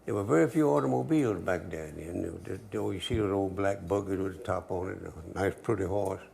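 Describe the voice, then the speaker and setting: Gravelly older cooking host. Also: male voice, low voice, brisk, a little mellow, a little hiss or hum. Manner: easygoing, joking, dialect grammar. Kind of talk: folksy cooking demonstration with storytelling.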